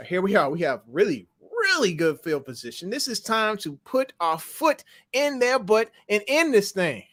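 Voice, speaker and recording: A man hosting a fan livestream, reacting emotionally to a live football game and swinging between loud outbursts and fast muttering. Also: high-pitched, very animated.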